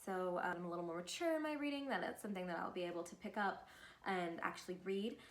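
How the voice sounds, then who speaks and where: A woman's voice: lowish voice, fast. A young woman vlogging about books in a chatty, upbeat way, with fillers. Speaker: book vlogger. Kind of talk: casual chat to camera.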